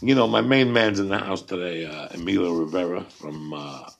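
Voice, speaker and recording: Podcast host, male, low gravelly husky voice, profane and animated storyteller. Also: normal speed. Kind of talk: casual storytelling chat.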